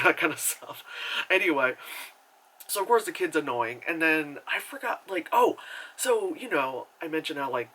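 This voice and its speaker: Man, movie review vlog, bright tense voice, a bit high, rambling, sarcastic, loads of fillers. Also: low-quality recording. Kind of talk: casual movie review rant.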